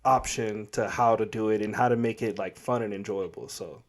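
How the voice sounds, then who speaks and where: A man's voice: lowish voice, steady tone, moderate pace. A man co-hosting a podcast, chatting casually, praising and teasing a guest with lots of "like" fillers. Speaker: podcast co-host. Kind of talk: casual chat.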